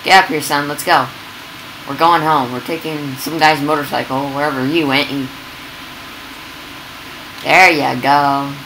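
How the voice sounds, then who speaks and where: Excitable woman gamer narrating play; bright voice, slow pace. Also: low-pitched, a little hiss or hum, poor audio. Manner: excitable, yelps and laughs at chaos. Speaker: gameplay commentator. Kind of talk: casual game commentary.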